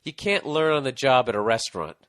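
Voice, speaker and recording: A man's voice: medium pitch, expressive, a little fast, fairly bright tone. A middle-aged man with a Boston accent, hosting an advice podcast and reading out listener mail in a profane, ranting storytelling manner.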